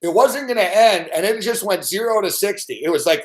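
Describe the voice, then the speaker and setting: A man's voice: sits high, measured pace. Profane ranting man in an echoey room. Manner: profane, animated storytelling with mocking quoted voices. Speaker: sports betting show host. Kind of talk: ranting casual commentary.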